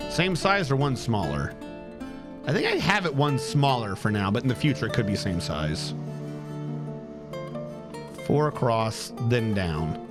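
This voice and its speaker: A man streaming a building game, muttering and counting tiles aloud while getting frustrated. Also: mid-range voice. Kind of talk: live gameplay commentary.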